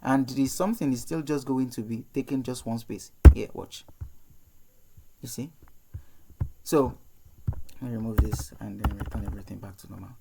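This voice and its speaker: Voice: medium pitch, moderate pace, gravelly, long pauses, very noisy. A web development instructor talking through a screen-share coding lesson, chatty and thinking aloud with fillers and self-corrections.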